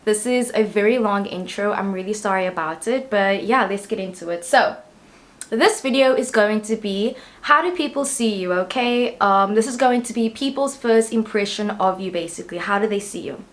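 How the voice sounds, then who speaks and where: A woman's voice: mid-range voice, moderate pace. A young woman hosts her tarot vlog in a bubbly, chatty way. She rambles freely and talks straight to her viewers. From South Africa. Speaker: tarot reader. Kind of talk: casual tarot reading vlog.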